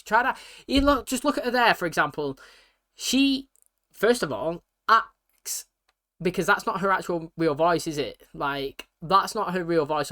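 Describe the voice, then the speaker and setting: A British man talking fast and casually, full of slang and fillers, reacting to a TV episode for his channel. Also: on the high side, bright, forceful tone.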